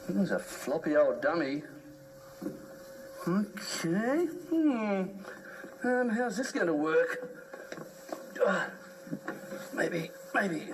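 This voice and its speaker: High, lively Australian man joking around. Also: slight background noise, low-quality recording. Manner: playful, exclamatory, chatty. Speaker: entertainer, co-host. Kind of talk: comedic banter and ventriloquism skit.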